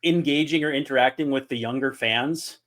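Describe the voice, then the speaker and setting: A man's voice: mid-range voice, fairly quick. A man, co-hosting a casual chat and telling stories that act out quotes. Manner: animated storyteller, acts out quotes. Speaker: podcast co-host.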